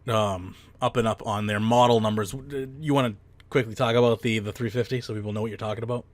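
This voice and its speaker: A man's voice: lowish voice, fairly even intonation, fast talker, no echo. A man hosting a casual podcast, rambling with fillers and the odd swear. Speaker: podcast host. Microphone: close headset mic.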